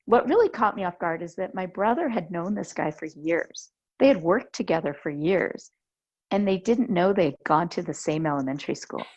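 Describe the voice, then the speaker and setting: A woman's voice: on the low side, moderate pace, dull audio. A woman podcast host chatting casually and telling a story, acting out the voices she quotes. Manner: lively storyteller who acts out quoted voices.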